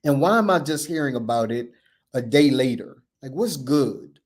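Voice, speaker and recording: A man's voice: mid-range voice, animated, moderate pace. Male podcast host, storyteller, emphatic and repetitive delivery with acted-out dialogue. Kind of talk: personal storytelling.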